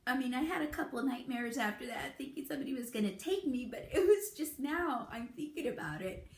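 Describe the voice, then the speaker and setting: Giggly high-voiced woman telling a story. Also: lively intonation, brisk. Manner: giggly, laughing through the story. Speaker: beauty vlogger. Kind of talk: casual storytelling. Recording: echoey room.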